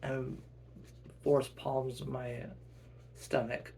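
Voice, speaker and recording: A man narrating a role-play story in first person, plain and low-key. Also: little pitch movement, takes it slowly, vocal fry, darkish tone, husky.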